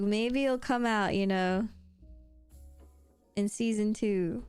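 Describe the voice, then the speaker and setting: A woman's voice: medium pitch, takes it slowly, pauses often, darkish tone, clear, resonant tone, no echo, faint music behind. A young woman streaming while she draws, in a rambling casual chat full of "like" and laughs, swearing now and then. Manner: chatty, rambling with frequent "like" and laughs.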